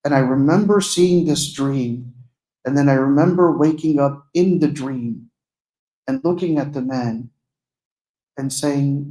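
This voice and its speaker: A man of middle pitch tells a personal story as a sermon, earnest and conversational. He draws out the key moments slowly. His voice rings around an echoey mosque prayer hall. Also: mellow. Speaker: preacher giving a night talk.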